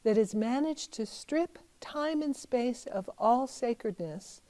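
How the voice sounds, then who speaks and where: Soft-toned woman giving a gentle talk. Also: a little high, expressive, slow, poor audio. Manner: gentle, thoughtful, conversational with fillers. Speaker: Buddhist teacher. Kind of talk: reflective talk.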